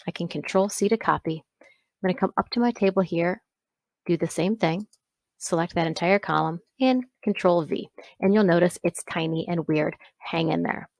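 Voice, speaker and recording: A woman instructor talking through a software exercise step by step, pausing to correct herself along the way. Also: lowish voice, gravelly, dry recording. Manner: step-by-step, self-correcting with small asides. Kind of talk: screen-recorded software walkthrough.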